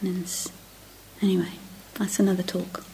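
A woman's voice: fairly low pitch, little pitch movement, moderate pace, mellow, slight background noise. A middle-aged woman giving a reflective dharma talk as a meditation teacher. She often drops to a near-whisper and restarts her phrases. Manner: self-interrupting, restarting phrases. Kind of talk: dharma talk to a retreat group.

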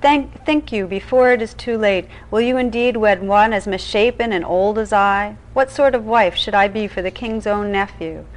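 A woman voicing an enchanted noblewoman bride from an old tale, gentle and earnest in a storybook reading. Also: mid-range voice, moderate pace, few pauses, lightly acted, low-quality recording. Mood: pleading.

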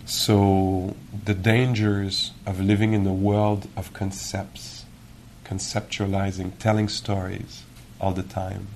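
A man giving a meditation teacher's dharma talk in a gentle, reflective, musing way, with many pauses. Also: sits low, level tone, slight background noise. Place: retreat hall.

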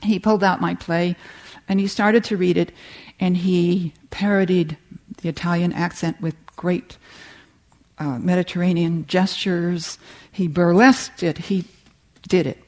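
Warm humorous older woman giving a talk. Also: lowish voice, steady tone. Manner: warm, humorous storytelling with slow reading passages. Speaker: meditation teacher giving a talk. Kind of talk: dharma talk on creativity.

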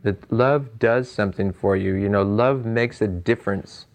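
A man with a low voice gives an informal dharma talk on meditation. He thinks aloud in a loose, musing way, chuckling often and leaning on "you know" between points. His delivery is unhurried and conversational. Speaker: meditation teacher.

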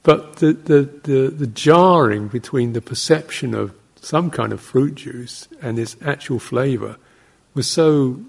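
A monk gives an easygoing dharma talk in a gravelly voice with a husky edge. His delivery wanders from story to story, broken up by quiet chuckles and little voiced reactions. He sits at an average pitch for a man. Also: a little slow, few pauses. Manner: anecdotal and digressive, with soft laughs and short acted-out exclamations. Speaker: Buddhist monk teaching meditation.

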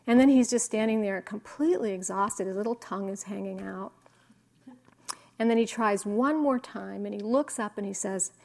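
A woman meditation teacher giving a slow, reflective dharma talk with soft pauses. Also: mid-range voice, creaky. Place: meditation hall.

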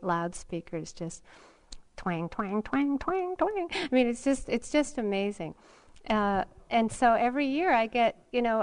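A woman's voice: a little high, clean tone. Reflective woman giving a meditation talk. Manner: unhurried and reflective, with frequent ums and soft laughs. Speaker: meditation teacher. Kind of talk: dharma talk. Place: meditation retreat hall.

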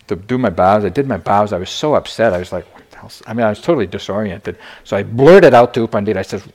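A man's voice: on the low side, darkish tone. An older man giving a meditation dharma talk, telling personal stories candidly with self-deprecating humor. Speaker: meditation teacher.

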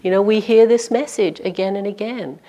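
A woman meditation teacher giving a conversational dharma talk at a retreat center, full of "you know" and dropping softly on key points. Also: mid-range voice, normal speed, muffled recording.

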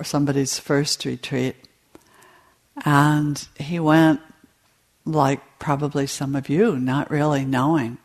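A woman meditation teacher giving a dharma talk to retreat participants, in a slow, storytelling delivery. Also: very deep voice, gravelly, a little mellow.

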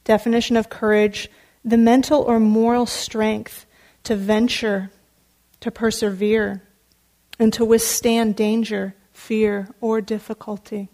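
Woman, meditation teacher, dharma talk, earnest storytelling, fairly high voice. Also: flat delivery, takes it slowly, dark tone.

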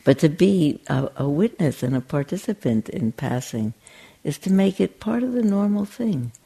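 A woman giving a dharma talk as a meditation teacher, speaking gently and conversationally, with frequent restarts and a playful storytelling streak. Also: low-pitched, sing-song, normal speed, creaky, slightly rough.

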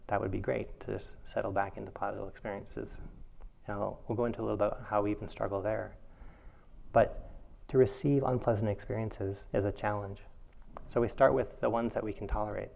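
A man's voice: on the low side, creaky. A man giving a reflective dharma talk as a meditation teacher. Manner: reflective, animated when telling a funny story.

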